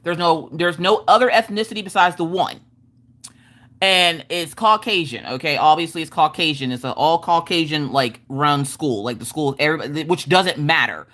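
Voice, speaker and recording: A woman hosting a livestream, telling viewers a story in a casual, animated way, blunt and quick to swear. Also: deep voice. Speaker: livestream host.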